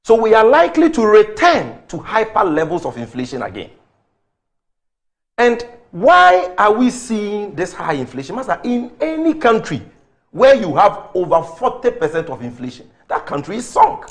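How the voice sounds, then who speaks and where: A man's voice: sits high, wildly swooping pitch, moderate pace. A man with a Ghanaian English accent arguing politics on a talk show, firing off rhetorical questions and figures. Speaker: political commentator.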